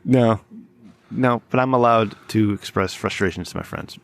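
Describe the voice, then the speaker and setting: Hoarse middle-aged man, low voice, dry sound, rambling podcast host. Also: moderate pace, no room sound. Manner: rambling storyteller, swears a lot, laughs at himself. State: hoarse, sore throat. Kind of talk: casual podcast chat.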